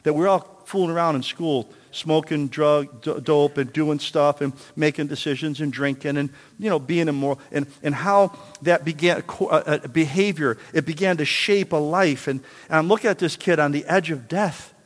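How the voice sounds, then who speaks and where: A man in his sixties preaching a sermon in a church, telling a story and then building to loud, emphatic exhortation. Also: a little high, normal speed, few pauses, big-room sound. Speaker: pastor.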